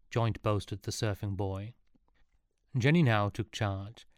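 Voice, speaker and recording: A man narrating a storybook in a steady, even reading voice. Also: fairly low pitch, slow pace, no room sound, studio quality.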